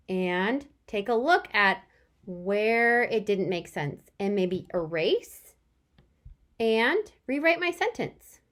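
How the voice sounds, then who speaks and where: A young woman teacher giving a remote lesson to young children, sounding out words and reacting with big, animated surprise. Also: fairly high pitch.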